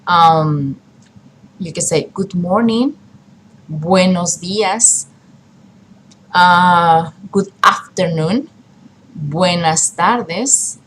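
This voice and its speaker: A woman in her fifties gives a slow, patient Spanish lesson, saying each phrase in English and then in Spanish. Her voice sits a little low, and her unhurried delivery leaves room to repeat after her. Faint background noise runs under the recording. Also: fairly bright tone. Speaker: Spanish teacher. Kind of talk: bilingual language lesson.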